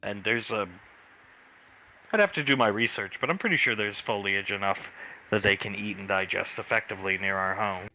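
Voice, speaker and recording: A man's voice: fairly low pitch, moderate pace, sharp tone, slight background noise. Chatty animal-loving young wife, by a man. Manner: rambling, self-correcting.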